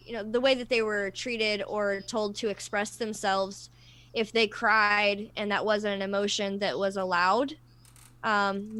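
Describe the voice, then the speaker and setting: A woman's voice: medium pitch, fairly bright tone, clean tone. Woman talking it through on a panel stream, thoughtful, lots of restarts. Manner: thoughtful, explains with personal examples and restarts. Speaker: co-host of a discussion livestream. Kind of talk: casual panel discussion.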